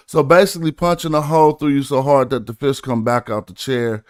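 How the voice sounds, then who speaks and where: A man's voice: mid-range voice, fairly even intonation, a little fast, few pauses, smooth, dry recording, studio quality. A man streaming casually, chatting. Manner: laid-back slang, breaks down rhymes syllable by syllable. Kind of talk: casual livestream chat about rap and study.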